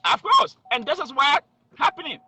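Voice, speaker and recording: A man's voice: extremely high pitch, very animated, moderate pace, pushed and bright, low-quality recording. A man giving heated political commentary, emphatic and full of rhetorical questions.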